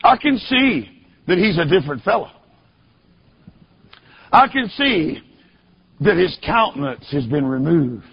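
A man preaches his sermon as a story, emphatically repeating rhetorical questions to the congregation and sometimes rising to a shout. His voice is a little high with a breathy edge, captured on a dull lo-fi recording.

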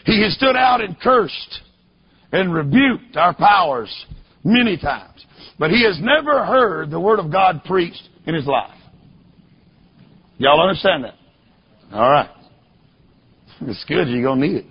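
A man preaching a sermon as a story, emphatic and repeating rhetorical questions to the congregation, at times rising to a shout. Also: fairly high pitch, animated, unhurried, pauses often, husky. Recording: dull lo-fi recording.

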